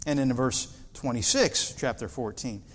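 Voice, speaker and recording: A man's voice: medium pitch, normal speed. A man preaching an expository sermon as pastor, earnest, pressing key points with rising emphasis. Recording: hall reverb.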